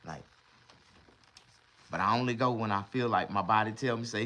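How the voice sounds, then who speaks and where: A middle-aged man, talking casually on a livestream and swinging between loud mock crying and low muttering. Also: fairly quick, long pauses.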